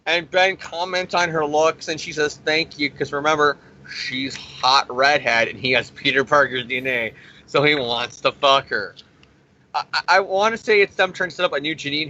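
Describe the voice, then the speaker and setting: A man's voice: medium pitch, bright, forceful tone. A man recapping a comic issue in a rambling, profane, sarcastic way, as the host of a review show. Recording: dull lo-fi recording.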